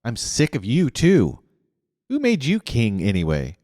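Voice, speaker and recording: A man's voice: mid-range voice, sing-song, normal speed, a little mellow, no room sound, clean studio sound, big-room sound, pitched above the performer's own voice, natural voice. A man voicing a cranky, sulking little girl who snaps and sneers in a storybook reading. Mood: sneering. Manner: snappish, sneering.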